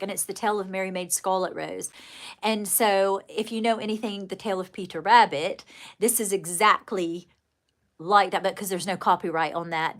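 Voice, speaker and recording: A woman with a light, adopted British RP accent hosting a casual livestream, gushing and affectionate, calling viewers darling and saying little often. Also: fairly low pitch. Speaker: livestream host and children's book author.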